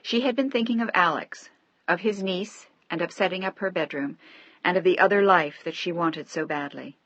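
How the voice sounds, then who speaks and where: A woman narrating a romance novel in a measured, steady audiobook reading. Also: on the low side, dry recording. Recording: dry, slightly dull audio.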